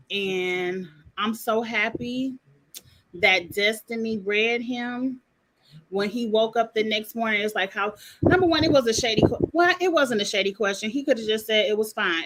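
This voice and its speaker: A woman's voice: fairly high pitch, fairly bright tone, rough recording. A woman recapping a reality show in a casual, blunt, sassy way, full of slang and asides.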